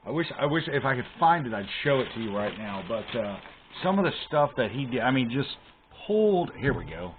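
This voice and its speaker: An exasperated man talks through a console repair at his workbench, stressing his words about botched work. His voice sits at an ordinary middle pitch. The sound is thin and phone-like, with a faint hiss underneath. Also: very animated, brisk. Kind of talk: casual repair walkthrough.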